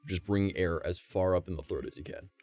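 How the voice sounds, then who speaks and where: A man streaming from home, chatting casually with a gravelly, vibrating voice, rambling and swearing. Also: low voice, brisk, a little mellow, faint music behind. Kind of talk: casual live-stream chat.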